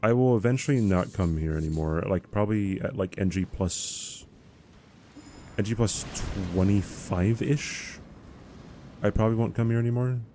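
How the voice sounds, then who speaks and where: A man with a lowish, mellow voice chats casually while streaming a game. He rambles through answers to chat questions, with a faint background hum. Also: normal speed.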